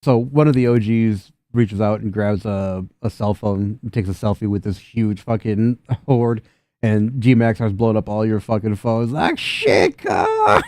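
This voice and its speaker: A man's voice: on the low side, steady tone, moderate pace, dark tone, no room sound, studio quality. A man running a tabletop game, laughing often and voicing slangy street characters in loose, profane chat. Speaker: game master.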